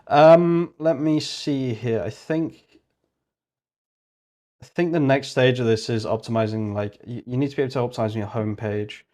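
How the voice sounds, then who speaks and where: Speaking at a normal pace in a warm, mid-range voice, a man from Britain mutters his thoughts aloud during a casual livestream. He rambles while he works and often corrects himself.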